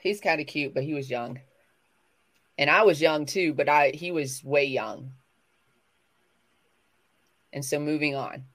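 A woman's voice: low voice, measured pace, long pauses, a bit bright. A woman from the American South co-hosting a casual live stream chat, rambling and trailing off into new thoughts. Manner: chatty, rambling, trails off and restarts mid-thought.

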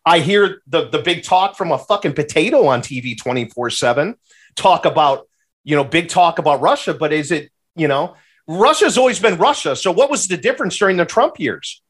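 A man on a casual podcast who talks with a profane, ranting edge. His voice sits a bit high for a man and swings widely in pitch as he argues. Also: normal speed, slightly rough. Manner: animated, profane, rants with rising exclamations. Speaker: podcast guest.

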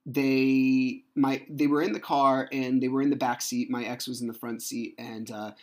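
A man, hosting a podcast and telling a personal story in a casual way, acting out quoted dialogue with sudden loud outbursts. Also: mid-range voice, little pitch movement, normal speed. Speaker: podcast host.

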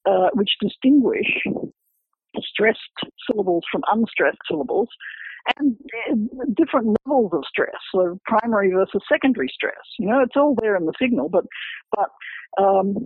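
A man, a researcher, explaining his book's findings in an academic, halting way, full of repeated words and fillers. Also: high-pitched, lively intonation, breathy edge, no echo. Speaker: researcher discussing his book. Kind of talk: explanatory interview talk. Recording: dry, phone-like radio line.

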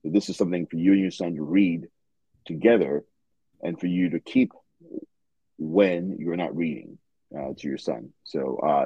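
A man hosting a podcast, recommending a book in a halting way with many pauses. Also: extremely low pitch, gravelly, warm tone, breathy edge, dry recording, dull audio. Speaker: podcast host.

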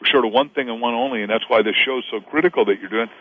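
A man talks as a guest author in an interview, motivational and rambling, repeating words as he pushes his offers. His pitch sits in the middle for a man. The audio sounds slightly dull and lo-fi. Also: racing, slight background noise.

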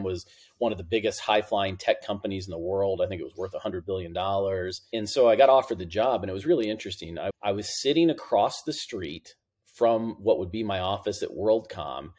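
Lively middle-aged man telling stories. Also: sits low. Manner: lively anecdotes, acting out quoted dialogue. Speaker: podcast guest, compliance officer. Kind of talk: casual interview storytelling.

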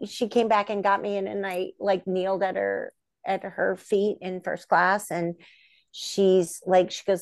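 Animated woman telling stories. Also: on the low side, moderate pace, no room sound, studio quality. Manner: lively, acts out quoted voices. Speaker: puppeteer and voice actress, guest. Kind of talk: casual interview storytelling.

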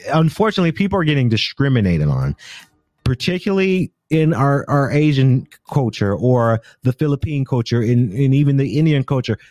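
A man's voice: mid-range voice, darkish tone, no room sound, studio quality. An American man hosting a podcast, giving casual commentary on tech news. He rambles, stumbles and often corrects himself mid-sentence. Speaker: podcast host.

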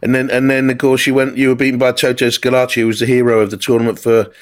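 A man hosting a podcast, asking a guest questions in a halting way that restarts phrases often. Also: mid-range voice, little pitch movement. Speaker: podcast host, football commentator. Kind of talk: interview questions.

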